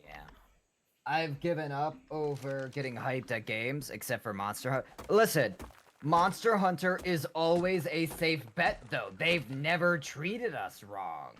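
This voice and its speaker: A man's voice: a little high, lively intonation, measured pace, fairly bright tone, slight background noise. A man chatting casually while gaming with a friend, rambling and playfully sarcastic. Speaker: co-op gaming partner.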